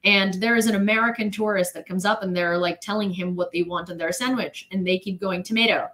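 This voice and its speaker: A woman's voice: medium pitch, fairly even intonation, a little fast, a bit bright. A young woman streamer telling a long casual story to her chat, rambling with many "like"s and restarts and laughing often.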